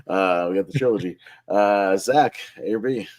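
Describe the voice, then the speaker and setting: A man's voice: fairly low pitch, moderate pace, darkish tone. A man hosting a casual online group chat, upbeat and laughing often as he runs the votes. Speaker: host.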